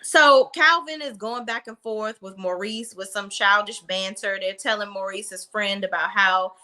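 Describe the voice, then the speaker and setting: A young woman talks straight into a close microphone, blunt and sassy as she recaps a drama episode. Her voice is bright and forceful, and she keeps slipping into quick imitations of the characters. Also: mid-range voice. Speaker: reality TV recap host. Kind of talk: casual recap vlog.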